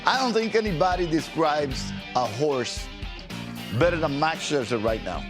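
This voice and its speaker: Former pitcher guy on a sports panel, higher voice, keeps repeating himself to make the point. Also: lively intonation, moderate pace, over music. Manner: emphatic, repeats words and restarts often. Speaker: baseball analyst, former pitcher. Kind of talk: studio sports discussion.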